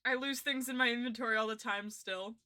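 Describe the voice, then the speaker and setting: A woman's voice: a little high, fairly even intonation, a little fast, pushed and bright. A young woman streaming, chatting casually and rambling with frequent giggles and restarts. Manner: giggly, rambling, self-interrupting. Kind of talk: casual livestream chat.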